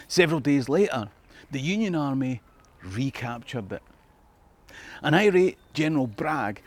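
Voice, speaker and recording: A man with a Scottish accent, a history tour guide narrating in a reflective tone with rhetorical questions. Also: medium pitch. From Scotland. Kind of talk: scripted documentary narration.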